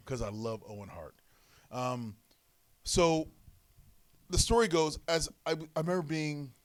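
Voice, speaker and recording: Casting: man, a wrestling guest on a podcast, a lively storyteller. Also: medium pitch, moderate pace. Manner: animated storyteller, acts out quotes. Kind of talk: storytelling interview.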